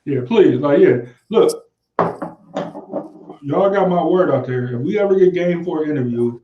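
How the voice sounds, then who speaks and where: A man with a slightly higher voice co-hosts a casual podcast, reading viewer comments in a laid-back, repetitive way. His voice carries a noticeable room echo. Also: mellow, highs cut off. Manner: laid-back, repeats himself, trails off with "like". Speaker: podcast co-host.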